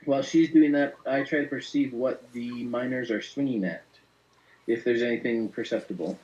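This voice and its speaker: A man's voice: medium pitch, moderate pace, darkish tone. A man playing a tabletop game, pressing with urgent questions. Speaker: player. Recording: muffled audio with background noise.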